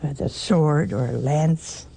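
An older woman delivers a slow, deliberate sermon in a gravelly, husky voice. Her tone is dark and mellow, and she repeats phrases and presses rhetorical questions for emphasis. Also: deep voice. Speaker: preacher.

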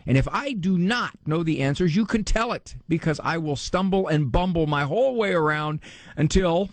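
A man's voice: fairly high pitch, moderate pace, no echo. A man hosting a call-in radio show as a psychologist, joking and self-deprecating as he rambles along. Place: radio studio.

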